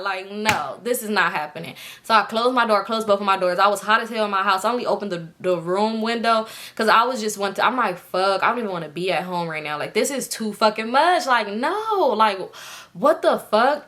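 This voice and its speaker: A woman's voice: medium pitch, a little fast. A young woman casually telling a personal story to her viewers, swearing freely and acting out what other people said. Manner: animated, swearing, slangy, acts out quoted voices. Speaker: storytime vlogger.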